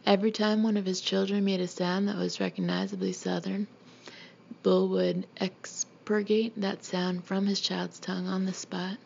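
A woman reading a novel aloud in a steady, measured way, now and then clearing her throat. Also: medium pitch, muffled recording, a little hiss or hum. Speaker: audiobook reader.

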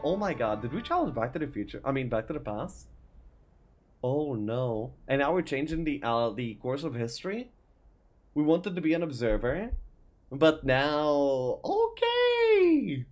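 A man's voice: on the high side, big pitch swings, normal speed. A man reading a game's story text aloud, stopping for asides and frequent "uh"s. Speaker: gaming YouTuber reading a map's story. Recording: faint music behind.

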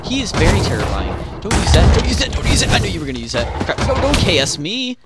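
A man giving excitable gameplay commentary, yelping and trash-talking the other players. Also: high voice, fast, over loud music. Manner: excitable, yelps and trash-talks opponents. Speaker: gaming channel host.

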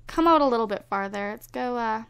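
A woman's voice: fairly high pitch, lively intonation, a little fast, clear, resonant tone. A woman hosting a casual let's-play, chatting to her viewers and teasing the game characters, with lots of filler words. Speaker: gameplay video host.

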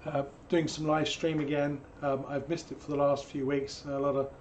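A hoarse man, teaching painting on a live stream in a chatty, digressive way with jokey asides. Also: a little high, little pitch movement, normal speed, darkish tone, slight background noise. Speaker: painting instructor.

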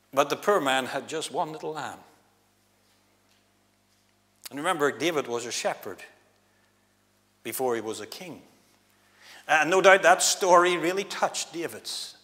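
A man preaching a gospel sermon in church, dramatic, swinging from loud declarations to hushed tones. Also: fairly high pitch. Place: church hall. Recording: long hall reverb.

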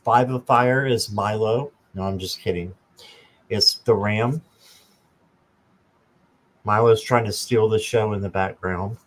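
A man hosting a live stream, chatting slowly and casually with viewers by name and joking as he goes. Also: lowish voice, fairly even intonation, poor audio. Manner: slow, chatty, talks to viewers by name, jokes. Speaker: tarot reader and channel host.

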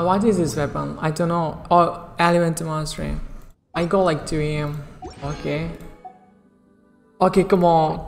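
A woman streaming a game, chatting casually and repeating filler words, often breaking into excited outbursts. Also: in a large hall. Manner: chatty, repeats "okay" and "bro", bursts into high excited shrieks. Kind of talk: casual live-stream chat while pulling in a gacha game.

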